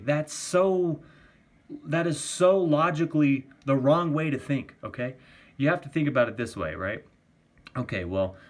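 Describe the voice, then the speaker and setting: A man ranting in a casual vlog, arguing for a vegan diet, swearing often and repeating himself. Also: fairly high pitch. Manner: profane, argumentative, repetitive. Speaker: vegan vlogger.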